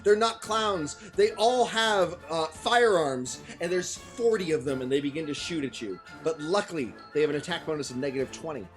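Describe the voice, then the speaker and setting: A man's voice: a little high, normal speed, few pauses, soft background music. A man narrating a tabletop game as game master, hesitant, with many ums and frequent laughs.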